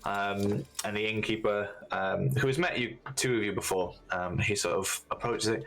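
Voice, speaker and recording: A man's voice: fairly low pitch, moderate pace, gravelly, few pauses, fairly bright tone, low-quality recording. A man narrating as game master, in an easygoing way with many fillers.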